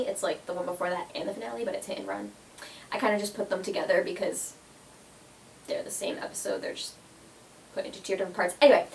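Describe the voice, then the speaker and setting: A woman's voice: mid-range voice, far from the mic, rough recording. A woman vlogger chatting casually and emotionally, gushing with many fillers like "like" and "oh my goodness". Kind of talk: casual chat.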